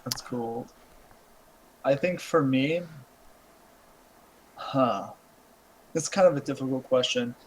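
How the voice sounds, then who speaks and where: Young dude on a game podcast, mid voice, chill and kinda halting. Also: male voice, medium pitch, a little hiss or hum, rough recording. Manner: laid-back, thoughtful, halting. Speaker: podcast co-host. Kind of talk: casual gaming chat.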